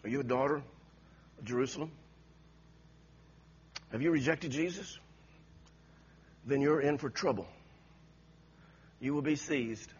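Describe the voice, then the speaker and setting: A man preaching with passionate, repetitive exhortations. His voice is very husky and breathy in a middle register. The recording is dull and lo-fi. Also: mid-range voice, measured pace, long pauses. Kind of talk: sermon.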